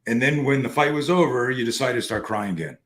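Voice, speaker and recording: A man hosting a podcast over a call, telling a story in a casual, animated way and swearing freely. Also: medium pitch, fast. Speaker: podcast host.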